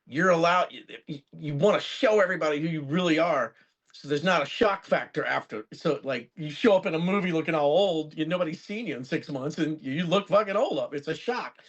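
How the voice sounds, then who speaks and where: A man's voice: fairly high pitch, a little fast, lo-fi sound. A man in his fifties, a guest musician on a podcast, chatting casually and rambling through stories, swearing freely as he goes. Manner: animated, rambling storyteller who swears freely. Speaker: guest musician and record producer.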